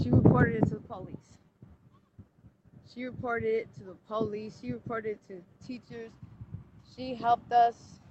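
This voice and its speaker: A woman's voice: a little high, highs cut off, heavy background noise. A mother livestreaming outdoors beside a car, talking in an urgent, agitated way and coaching her children to speak up. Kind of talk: live phone stream, urgent pleading.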